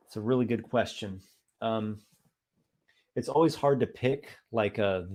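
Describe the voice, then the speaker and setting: A man with a fairly low voice hosts a casual live stream. He chats in a rambling, thoughtful way, pausing often with "um" and "uh" as he answers viewer comments. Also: darkish tone. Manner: rambling, thoughtful, many fillers.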